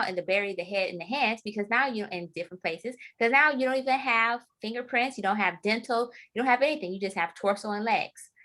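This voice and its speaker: A woman author being interviewed in a casual chat, a lively storyteller who laughs often. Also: fairly low pitch. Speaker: author guest.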